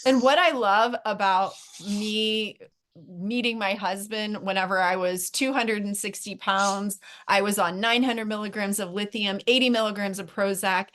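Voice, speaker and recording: Woman host, mid-pitched, earnest, conversational interview. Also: a bit bright. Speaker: podcast host.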